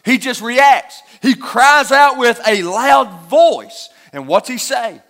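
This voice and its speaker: High-voiced man preaching a sermon. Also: lively intonation, takes it slowly, fairly bright tone. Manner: emphatic expository preaching with rhetorical questions.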